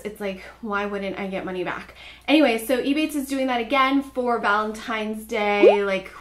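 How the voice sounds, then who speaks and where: A young woman talks through a casual beauty haul in a chatty, upbeat way, filling her sentences with "like". Her voice sits a little high. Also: fairly bright tone. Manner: chatty, upbeat, filler-heavy with frequent "like". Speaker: beauty vlogger.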